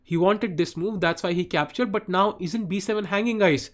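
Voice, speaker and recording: A man's voice: sits high, normal speed. A man commentating live chess on a stream, chatting with viewers and often saying "guys". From India. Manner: chatty, addresses chat viewers by name, often says "guys".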